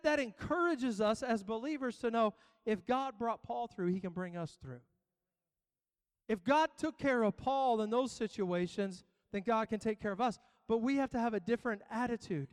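High-voiced preaching man, smooth and ringing. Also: moderate pace, in a large hall. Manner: preaching with rising emphasis and repetition. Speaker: pastor. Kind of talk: sermon. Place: church.

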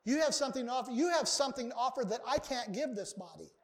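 In a church sanctuary, a man with a very high voice delivers a fast, expressive sermon. Like a pastor driving a point home from the pulpit, he speaks with earnest emphasis and leans hard on repeated words.

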